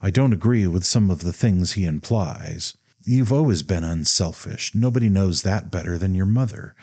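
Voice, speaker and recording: A man's voice: low voice, moderate pace, dry recording. A man reading as a faltering, timid mother. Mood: timid pleading. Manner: hesitant, stammering, gentle.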